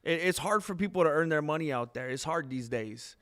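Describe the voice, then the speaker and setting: A man hosting a live stream in casual chat, rambling candidly and jumping into high, excited bursts when he thanks viewers. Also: a little fast.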